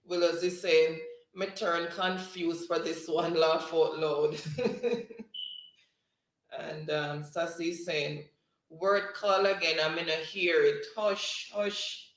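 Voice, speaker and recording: A woman hosts a livestream, reading out viewers' chat messages and calling spelling words slowly, word by word. Her delivery is unhurried and steady. The sound is roomy, with a noticeable echo around her voice. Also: lowish voice. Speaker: livestream host. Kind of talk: reading live chat and hosting a spelling game.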